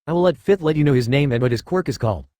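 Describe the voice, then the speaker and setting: A calm, patient spirit of a past hero guiding his successor, read by a man. The delivery is quick and even. The sound is dry and close. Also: a little high, no echo, natural voice. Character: calm ancient male spirit mentor.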